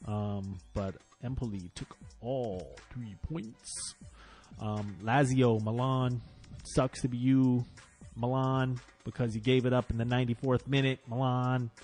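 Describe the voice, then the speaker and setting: A man hosting a casual football podcast, running through results in an animated, profane way that gets loud when he is frustrated. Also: medium pitch, unhurried, faint music behind. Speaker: podcast host. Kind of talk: casual football round-up chat.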